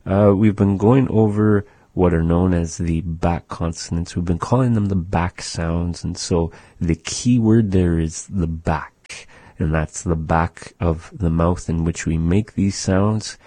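Patient male language teacher, husky and dry, sounds things out. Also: sits low, steady tone, mellow, no echo. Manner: slow, patient, demonstrates sounds aloud. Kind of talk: radio language lesson.

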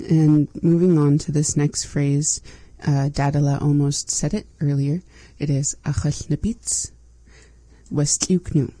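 Brief: woman guiding a language lesson, husky and warm, dry close sound. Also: sits low, measured pace, no echo. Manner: calm, steady, repeats phrases. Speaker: lesson co-host.

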